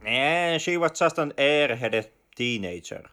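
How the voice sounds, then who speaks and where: A man's voice: mid-range voice, animated, unhurried, pushed and bright. A man co-hosting a film podcast, talking casually with hesitant restarts. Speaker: podcast co-host.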